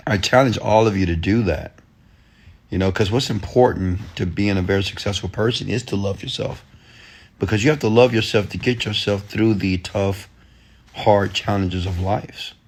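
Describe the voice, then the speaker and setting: A man's voice: fairly low pitch, gravelly. A man giving a motivational rant in loose, slangy talk, pressing his audience with repeated commands. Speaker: entrepreneur and motivational speaker.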